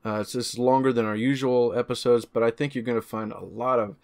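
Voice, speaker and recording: A man's voice: mid-range voice, steady tone, fairly quick, vocal fry, a little mellow, clean tone. A man in his thirties hosting a podcast, upbeat and playful, chatting casually with a few false starts. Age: 30s. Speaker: podcast host.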